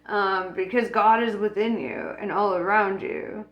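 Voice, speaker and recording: A woman's voice: medium pitch, fairly even intonation, measured pace, lo-fi sound. A woman talking casually about spirituality, blunt and profane, laughing often. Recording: echoey room with faint music.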